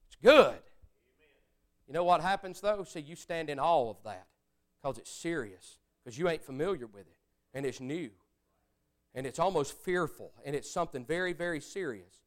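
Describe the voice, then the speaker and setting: Male preacher, high voice, moves from hushed prayer tone to shouts. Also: expressive, moderate pace. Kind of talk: sermon.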